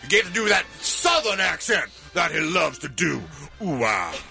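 Lively, bright-voiced male radio host. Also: on the high side, normal speed, creaky, faint music behind. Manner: jokey, playful, laughs often. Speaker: radio show host, entertainment news segment. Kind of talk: casual morning radio banter.

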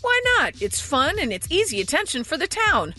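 A woman's voice: high-pitched, normal speed. Upbeat woman radio host, voice jumps all over, chatty and teasing. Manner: lively, teasing, reads entertainment news. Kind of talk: morning radio banter.

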